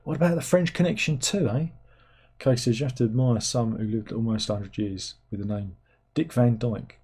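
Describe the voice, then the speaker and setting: A middle-aged man hosts a loose, rambling livestream chat. He wanders from topic to topic and stops to read out viewer comments. His voice is dark and mellow, with a husky edge. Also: mid-range voice, moderate pace. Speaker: livestream host.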